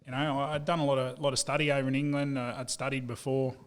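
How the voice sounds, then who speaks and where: A man's voice: medium pitch, fast talker, clean tone. An Australian man in his thirties, telling stories in a casual interview and calling everyone mate. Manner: animated storyteller, says "mate" a lot. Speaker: guest, business owner.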